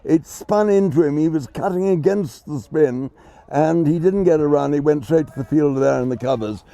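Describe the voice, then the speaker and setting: A man's voice: a little high, normal speed, creaky, warm tone. A man giving chatty, self-deprecating live ball-by-ball cricket commentary. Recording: dull lo-fi sound.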